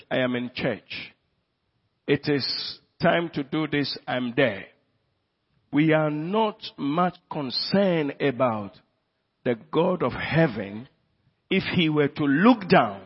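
A Ghanaian man delivering a sermon in a high, sweeping voice with a husky edge. He preaches slowly and emphatically, firing questions at his congregation. The recording is dull and lo-fi, with long reverb from the church hall. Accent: Ghanaian English. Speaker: pastor.

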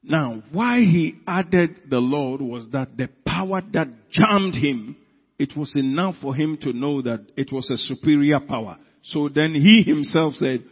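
Emphatic preacher in a reverberant hall. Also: male voice, mid-range voice, a little slow, breathy edge. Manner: dramatic, emphatic storytelling with sudden loud peaks. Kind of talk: sermon. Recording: dull sound in a reverberant hall.

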